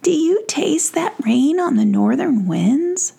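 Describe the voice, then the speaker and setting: A woman's voice: high voice, very animated, takes it slowly, creaky, dark tone, pitched above the performer's own voice, exaggerated voice. A woman voicing a worried, fussy male fairy prince in a hesitant, musing manner as whispered role-play.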